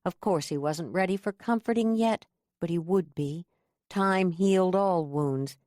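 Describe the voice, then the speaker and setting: In scripted audiobook narration, a woman reads with steady, measured pacing. She has a fairly low pitch, captured at studio quality with no echo.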